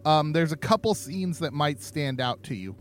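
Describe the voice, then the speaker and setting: A man's voice: on the high side, animated, moderate pace. A man co-hosting a podcast in casual chat, jokey and playful, laughing often. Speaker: podcast co-host.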